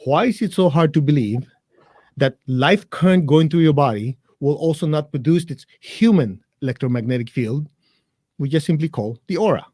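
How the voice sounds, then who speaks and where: A slightly high, warm male voice with lively intonation explains meditation during a live interview, bluntly and with humor, addressing listeners directly and then guiding them through a chant. He speaks at normal speed, with no echo and clean studio sound.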